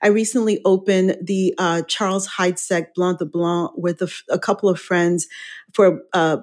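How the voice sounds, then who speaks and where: A woman's voice: lowish voice, steady tone, moderate pace, darkish tone. Cheerful woman guest who laughs easily. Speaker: wine educator and TV guest. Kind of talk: casual interview chat.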